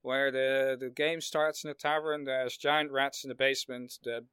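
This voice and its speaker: A man's voice: medium pitch, flat delivery, normal speed, fairly bright tone, clean tone, no room sound. A man on a casual podcast, a game master plugging his streams, talking hesitantly with many fillers.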